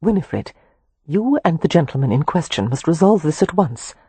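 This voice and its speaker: A woman playing a gentle, tactful society matron. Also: deep voice, big pitch swings, moderate pace, breathy edge, dry recording, exaggerated voice.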